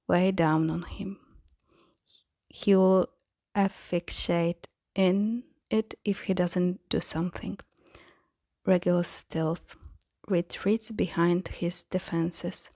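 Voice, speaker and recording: A woman narrating a fan-fiction audiobook in a soft voice that often slips into a whisper. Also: lowish voice, fairly even intonation, takes it slowly, no room sound, studio quality. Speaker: podfic reader.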